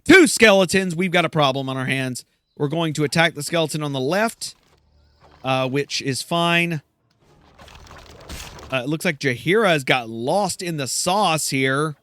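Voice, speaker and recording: A man's voice: a little high, a little slow, pushed and bright. A man commenting on his gameplay in a rambling, chatty, self-deprecating way. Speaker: gameplay host. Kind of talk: let's play commentary.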